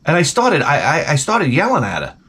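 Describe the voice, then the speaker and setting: Animated profane man telling a story. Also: a little high, fairly quick, slightly rough. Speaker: vlogger. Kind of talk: comedic storytelling rant.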